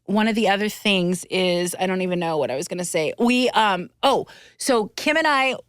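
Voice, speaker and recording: A woman's voice: mid-range voice, normal speed, smooth, no room sound, clean studio sound. A middle-aged woman hosting a podcast, swearing freely as she tells travel stories in casual chat, full of fillers. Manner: profane, animated storytelling with lots of fillers. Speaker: podcast host.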